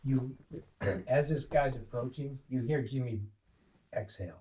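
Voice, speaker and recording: A man co-hosting chimes in with a soft, measured remark. His voice is mellow and warm and sits in a middle pitch. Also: rough recording. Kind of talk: conversational comment.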